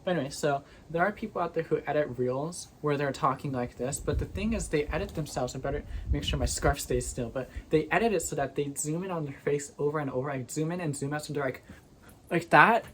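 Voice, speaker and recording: Rambling low-voiced woman vlogging from her bedroom. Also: fast talker, hardly any pauses, darkish tone, slight background noise, low-quality recording. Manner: rambling, chatty, often restarts sentences. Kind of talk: casual chat to camera. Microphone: phone propped on a windowsill.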